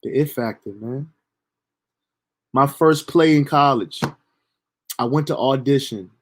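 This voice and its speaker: Animated young man telling stories. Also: mid-range voice, a little slow. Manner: animated, profane, laughs at own story. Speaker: storyteller streamer. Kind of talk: casual storytelling monologue.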